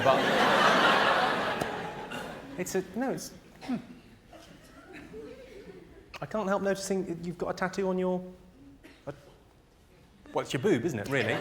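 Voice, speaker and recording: A man doing stand-up, roasting the audience with a deadpan, teasing delivery on stage. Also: on the high side, heavy background noise. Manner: deadpan, teasing crowd work. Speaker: stand-up comedian. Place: live theatre with an audience. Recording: loud audience laughter behind.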